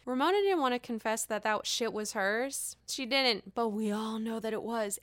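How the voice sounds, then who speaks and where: A woman's voice: a little high, normal speed, a bit bright, no room sound. A woman casually recapping a reality show, gossipy and profane, laughing at her own jokes.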